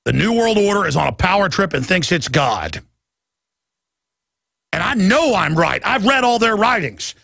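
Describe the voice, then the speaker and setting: A man's voice: sits high, very animated, normal speed, creaky, long pauses, a bit bright, dry recording, clean studio sound. A man in his thirties hosting a talk radio show, delivering an impassioned, ranting monologue. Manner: impassioned, ranting, mimics others in quoted voices. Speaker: radio host.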